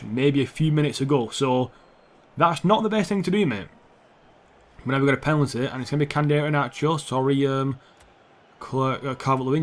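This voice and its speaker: A young man commentating his own football video game match, swearing often and shouting at the players on screen. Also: medium pitch, slight background noise. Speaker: gaming YouTuber. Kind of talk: gameplay commentary.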